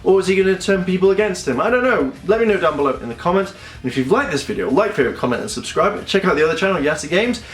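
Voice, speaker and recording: A young man, chatting casually as a video reviewer and acting out scenes in quick little voices. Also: high voice, big pitch swings. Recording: echoey room with faint music.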